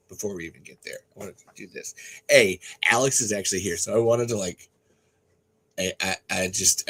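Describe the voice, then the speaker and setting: Male host, husky voice, casual rambling livestream chat, loose and profane. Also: low-pitched, a bit bright, rough recording. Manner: rambling, swearing, laughing, many restarts. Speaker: podcast host.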